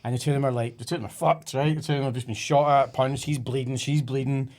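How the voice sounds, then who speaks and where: A man's voice: medium pitch, fairly even intonation, fast, a little mellow. A man co-hosting a casual podcast, building up eagerly to a punchline. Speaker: podcast co-host. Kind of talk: casual chat.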